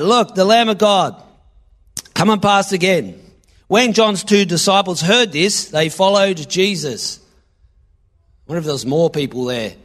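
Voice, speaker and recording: Animated preacher, high voice. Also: male voice. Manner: animated, dramatizing scripture readings with sudden loud bursts. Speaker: pastor. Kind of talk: sermon.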